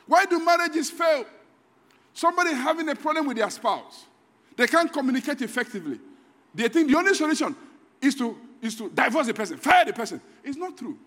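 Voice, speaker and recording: A middle-aged man with a Nigerian accent preaching a sermon in a church, dropping to quiet asides and then shouting out his points. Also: very high voice, a little fast. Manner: animated preaching, swings between quiet asides and shouted emphasis. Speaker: pastor. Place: church hall. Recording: long hall reverb in a church.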